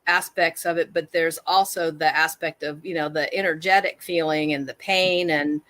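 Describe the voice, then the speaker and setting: Woman guest, lowish voice, dry close sound, open and kinda self-mocking, laughs a lot. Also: steady tone, normal speed, fairly bright tone, no echo. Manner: candid, self-deprecating, laughs easily. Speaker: guest, trauma awareness activist. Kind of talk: reflective conversational talk.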